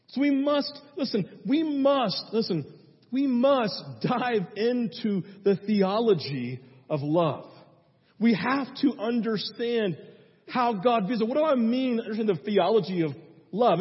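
A high-pitched, husky man preaches to his congregation, keeping it loose and chatty with constant check-ins. His voice rings through a big echoing hall. The sound is dull and lo-fi. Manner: conversational, with frequent "right?" asides. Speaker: pastor. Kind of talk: sermon.

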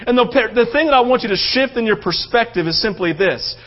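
A male pastor preaching a sermon in a conversational way, often checking in with his listeners with quick tag questions. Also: extremely high pitch, animated, dull audio.

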